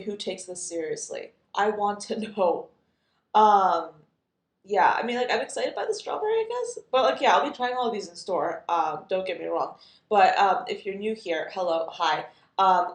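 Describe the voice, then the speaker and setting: A woman reviewing new perfume releases in a loose, chatty way, full of fillers and amused asides. Her voice has a gravelly, creaky edge at a mid pitch, and the room around her is echoey. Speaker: fragrance reviewer. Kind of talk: casual chat.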